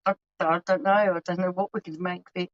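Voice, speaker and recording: A woman's voice: on the low side, fairly even intonation, quick pace. Chatty southern English woman. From southern England. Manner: chatty, giggly, easygoing. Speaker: beer livestream co-host. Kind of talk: casual chat. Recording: muffled lo-fi livestream audio.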